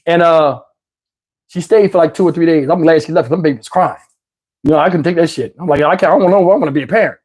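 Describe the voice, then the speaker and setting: A man with a husky, slightly rough voice spins a casual personal story straight to his audience. His delivery is loose, streetwise and peppered with profanity, like talking to friends. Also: a little high, quick pace, darkish tone. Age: adult, looking back on his youth. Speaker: channel host telling a personal story.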